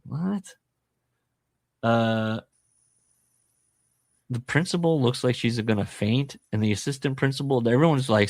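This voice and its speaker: A man's voice: mid-range voice, a little slow, pauses often, darkish tone, no room sound. A man hosting a podcast, casually retelling a book's plot with jokey, self-deprecating asides. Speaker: podcast host. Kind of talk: casual book-discussion chat.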